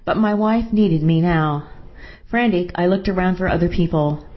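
Low-voiced woman reading a story. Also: dull audio. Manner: steady, measured storytelling. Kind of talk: scripted narration of a first-person story.

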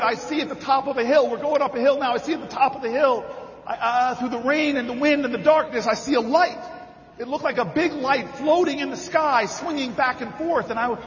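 A politician telling a story and building to rally cries in an impassioned campaign speech at a convention. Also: male voice, very high voice, a little hiss or hum. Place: large convention hall. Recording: reverberant hall, dull sound.

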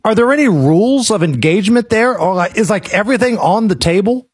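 An upbeat male radio co-host with a notably high, husky voice. He asks questions and promotes an event in a casual, friendly way. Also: lively intonation, brisk.

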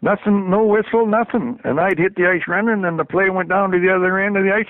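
A man's voice: sits high, fast talker, dry recording. An older man, a former hockey trainer, telling folksy stories with frequent chuckles in an interview. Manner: chuckling, folksy anecdotal storytelling. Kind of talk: storytelling interview. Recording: dry tinny phone line.

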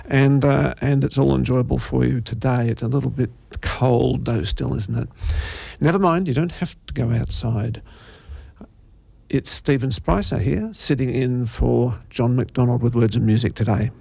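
A man's voice: mid-range voice, moderate pace, creaky, a little mellow, no room sound. A man presenting community radio in a rambling, chatty way full of fillers and asides.

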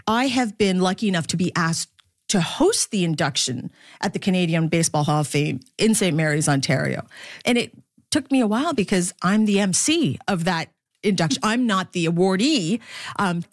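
A woman sportscaster from the Philippines speaks in an interview. Her voice sits a little low, and she laughs often and does animated voices for people in her stories. The sound is dry and close, with no room around it. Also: no room sound. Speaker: sportscaster guest. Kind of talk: interview conversation.

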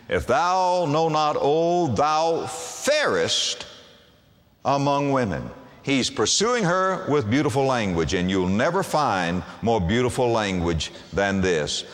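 A male pastor delivering a sermon, his voice swinging widely up and down in pitch as he poses rhetorical questions. The sound carries the long reverb of a large hall. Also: fairly bright tone.

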